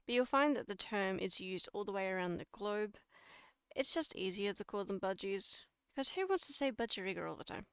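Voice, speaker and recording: A chatty Australian woman talks her chat through a casual livestream lecture, laughing at herself and fixing her own slips as she goes. Her voice is smooth and clear, recorded dry and close with no room sound. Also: mid-range voice, expressive, a little fast, no echo. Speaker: streamer giving a lecture.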